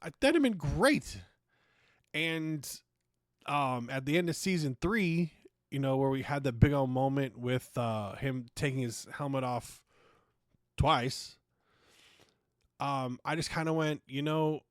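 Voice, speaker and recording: A man's voice: mid-range voice, slow, pauses often, no echo, clean studio sound. A man hosting a podcast, ranting casually and sarcastically, swearing freely and often restarting his sentences. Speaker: podcast host.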